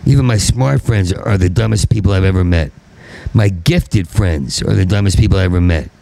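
A man in stand-up mode who stutters constantly and veers between bitterness and mockery. His voice is low, dark and gravelly, recorded close and dry with no room sound. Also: moderate pace, dry recording, rough recording. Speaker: stand-up comedian. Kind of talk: stand-up monologue.

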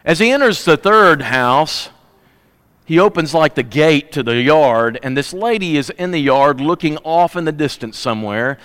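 Preacher telling a story in a hall. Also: male voice, a little high, lively intonation, moderate pace, fairly bright tone, clear, resonant tone. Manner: vivid, conversational storytelling. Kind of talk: dramatic sermon storytelling.

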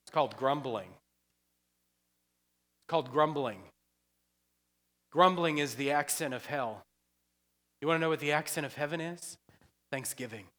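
A male pastor delivers a loose, conversational sermon, slipping into humorous asides and laughing along with his congregation. His voice is bright and forceful. It rings with the long reverb of a church sanctuary. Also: on the high side, a little slow, long pauses. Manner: chatty, joking asides, laughs often.

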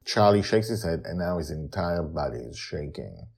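A man hosting and narrating his own fantasy story podcast in an animated, expressive storytelling style. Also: extremely low pitch, moderate pace, creaky, few pauses.

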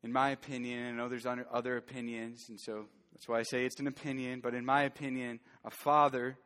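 A man's voice: mid-range voice, flat delivery, a little fast, a bit bright. Earnest male pastor in a reverberant hall. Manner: earnest, rising to fervent emphasis. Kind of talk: sermon. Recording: long church hall reverb.

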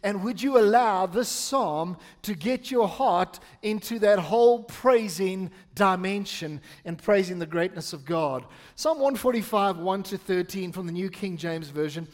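A male pastor with a notably high voice preaches in a church, drawing out each word with slow, deliberate emphasis. His voice carries a long reverb from the hall around him as he calls the congregation to answer back. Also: animated. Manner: slow, emphatic reading with pauses for meaning. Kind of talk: sermon with scripture reading.

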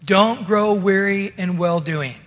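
A male pastor preaching a sermon in a relaxed, conversational way, talking to his listeners as guys. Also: high-pitched, slow pace, long reverb tail.

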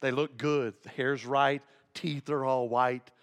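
A male pastor preaching a sermon, emphatic, repeating key phrases and swinging between low asides and raised points. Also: fairly even intonation, takes it slowly, a bit bright, clear, resonant tone.

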